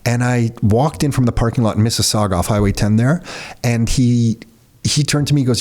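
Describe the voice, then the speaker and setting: Brief: middle-aged man, podcast host, lively storyteller, mid-pitched voice. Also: brisk. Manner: animated storyteller, acts out quoted dialogue, swears casually. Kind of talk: casual conversational storytelling.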